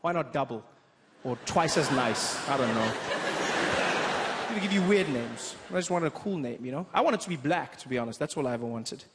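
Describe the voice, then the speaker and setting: A young South African man doing stand-up, telling stories in an animated way and slipping into voices. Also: medium pitch, brisk. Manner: animated storytelling, jumps into voices. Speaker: stand-up comedian. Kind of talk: stand-up comedy. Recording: reverberant hall with background noise.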